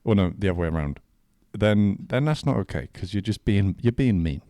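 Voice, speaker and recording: A man co-hosting a casual podcast, cracking dry, deadpan jokes and teasing his friend. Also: fairly low pitch, brisk, no echo. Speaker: podcast co-host. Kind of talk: casual chat.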